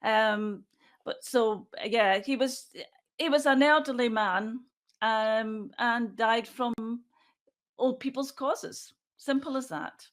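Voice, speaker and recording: In a slightly high voice, this sixty-something forensic pathologist works through interview questions aloud, keeping her answers measured and matter-of-fact.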